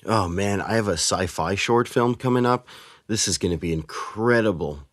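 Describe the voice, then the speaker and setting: A man hosting his channel who reviews sound-design software in a casual, excited way, using a shotgun mic. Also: on the low side, normal speed, no echo, studio quality. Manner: excited, enthusiastic. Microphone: shotgun microphone.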